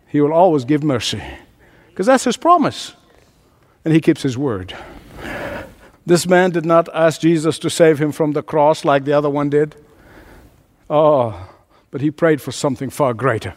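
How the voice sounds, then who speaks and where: A man's voice: on the high side, animated, moderate pace, a little mellow, in a large hall. A man preaching a sermon as pastor, emphatic and repeating his phrases for force.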